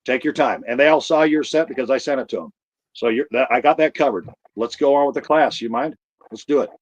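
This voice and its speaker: A man with an ordinary mid-range voice hosts a comedy class over a video call. He talks in a halting, loose way, filling pauses with ums and uhs as he introduces the next act. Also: mid-range voice, no room sound, muffled recording. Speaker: host. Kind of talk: casual chat.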